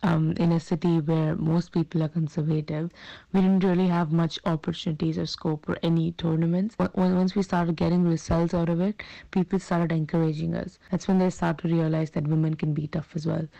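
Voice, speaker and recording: Low, gravelly woman, flat and hesitant. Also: no room sound, lo-fi sound. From southern India. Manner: hesitant, thoughtful. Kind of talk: interview answer.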